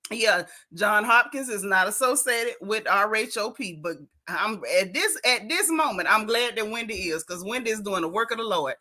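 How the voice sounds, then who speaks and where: A woman hosting a casual livestream chat, animated and folksy, a little out of breath. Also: mid-range voice, moderate pace, hardly any pauses, rough recording. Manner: animated, folksy, loud greetings. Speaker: show host greeting live chat.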